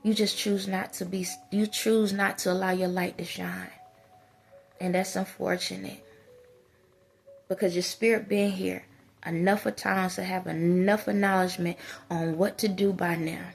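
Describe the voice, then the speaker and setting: A woman's voice: lowish voice, flat delivery, normal speed, gravelly, soft background music. A woman giving a preachy monologue to her viewers as a spiritual advisor, scolding them with emphatic repetition.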